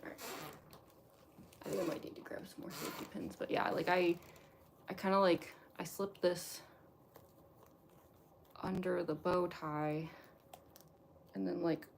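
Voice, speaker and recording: A young woman chats casually as she gets ready on a livestream, her voice a little gravelly and her words full of fillers and restarts. She later speaks with a slight lisp from costume teeth. There is a faint hum behind her. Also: lowish voice, level tone, a little slow, long pauses. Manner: rambling, many fillers and restarts, chuckles often. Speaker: cosplayer livestream host. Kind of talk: casual chat while getting into costume.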